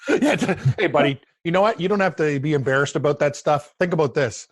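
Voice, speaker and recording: A man's voice: on the high side, animated, a little fast, slightly rough, no echo. A man co-hosting a sports betting podcast, chatting casually with a joking, self-deprecating manner. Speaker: podcast co-host.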